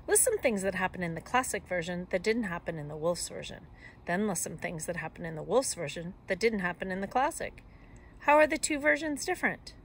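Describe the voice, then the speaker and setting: Give me a woman teacher reading a children's story aloud with lively expression. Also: fairly low pitch, a little hiss or hum. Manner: expressive, with soft whispered asides.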